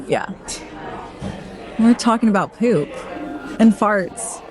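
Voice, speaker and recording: A woman's voice: mid-range voice, expressive, takes it slowly. Woman host prompting a guest. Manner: reactive, encouraging interviewer, prompts with questions. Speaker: podcast host. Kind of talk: casual chat. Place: beauty lounge.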